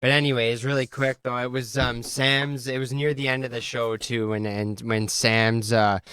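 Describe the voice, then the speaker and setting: A man's voice: mid-range voice, level tone, normal speed, fairly bright tone, clean tone, dry recording. Agreeable man, hedging as he talks. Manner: agreeable, hedging, lots of yeahs. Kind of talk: casual chat among friends.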